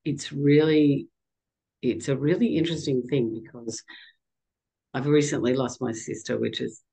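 Slow, gravelly middle-aged woman, emotional. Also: very deep voice, fairly even intonation, warm tone, rough recording. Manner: halting, emotional, restarts often. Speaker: guest. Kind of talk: personal storytelling in conversation.

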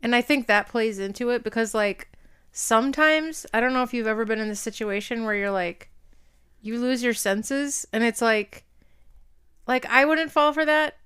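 A woman's voice: a little high, moderate pace, fairly bright tone, clear, resonant tone. A woman co-hosting a podcast, telling stories in casual chat with lots of fillers. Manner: chatty storyteller, lots of fillers. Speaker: podcast co-host.

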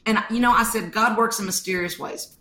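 A woman, a podcast guest telling stories in an animated way and acting out quotes. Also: medium pitch, brisk, reverberant. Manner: animated storytelling, acts out quotes. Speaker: guest author. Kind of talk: podcast interview.

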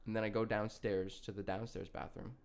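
A man's voice: on the low side, level tone, a little fast, gravelly, darkish tone. Young male podcast co-host, loose rambling storyteller, profane and laughing. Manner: laughing, swearing, rambling with restarts. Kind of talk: casual storytelling chat.

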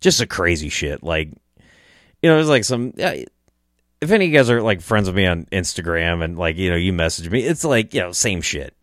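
A young hunting personality tells an emotional story about a friend, choked up and close to tears, swearing and laughing through his crying. His low voice is very animated and brisk. The studio-quality recording has no echo.

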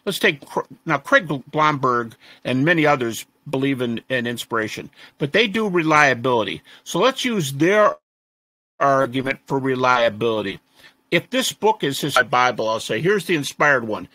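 A man being interviewed as a scholar, telling stories in a lively conversational way and mimicking the people he quotes. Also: medium pitch, normal speed, no room sound. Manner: animated, mimics the voices of students he quotes. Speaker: interview guest, resurrection scholar. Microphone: audio-only interview recording.

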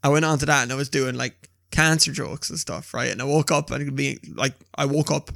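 Man, twenties, gravelly voice, dry close sound, animated storyteller. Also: mid-range voice, brisk, dry recording. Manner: animated storyteller, swears a lot. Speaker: podcast co-host. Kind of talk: casual chat.

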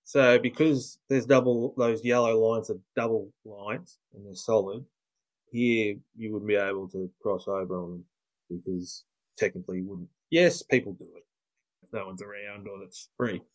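A man's voice: fairly low pitch, steady tone, moderate pace, low-quality recording. A man co-hosting a podcast in casual chat, blunt and opinionated, swearing freely. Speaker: podcast co-host.

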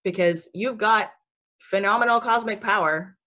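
A woman chats about spiritual matters on a relaxed podcast, her medium-pitched voice bright and forceful at a moderate pace. She laughs often, uses lots of fillers, and keeps things sassy and chatty.

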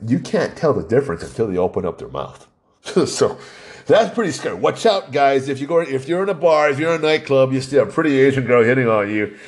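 A man's voice: mid-range voice, lively intonation, a little fast. Man in a rambling opinion monologue.

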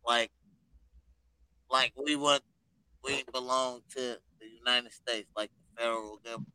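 A man's voice: mid-range voice, steady tone, moderate pace, pushed and bright, clear, resonant tone, dry recording, poor audio. A man in casual group chat, blunt and joking.

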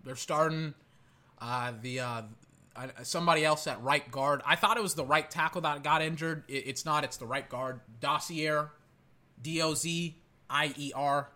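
Excitable male fan doing live game-reaction commentary; high, bright, exclamatory, rambling. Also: normal speed.

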